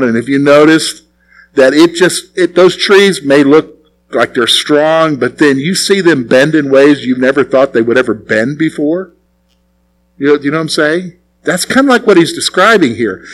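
A man's voice: a little high, fairly bright tone, low-quality recording. A male pastor preaching a conversational sermon, often asking the congregation questions.

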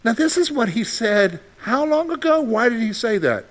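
Preaching to his congregation, a pastor with a very high, sing-song voice moves at a moderate pace. He poses rhetorical questions and answers them himself, shifting between loud emphasis and quiet, confiding asides.

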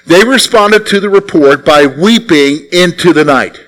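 A man preaching a sermon in an animated, conversational way, often putting rhetorical questions to his listeners. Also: on the high side, a little slow, poor audio.

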